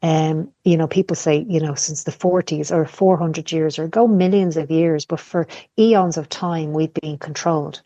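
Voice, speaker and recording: A middle-aged woman with a lowish voice tells personal stories on a podcast, frank and unfiltered, with the odd curse. The sound is dry and close, with a slightly dull, lo-fi tone. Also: steady tone, moderate pace, hardly any pauses, warm tone, dry recording. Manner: candid storytelling with casual swearing. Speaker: podcast guest. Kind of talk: casual conversation.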